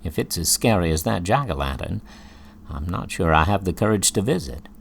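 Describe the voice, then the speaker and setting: A man's voice: low-pitched, lively intonation, a little fast, creaky, a little hiss or hum. A man voicing a kind, cultured mother. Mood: gentle.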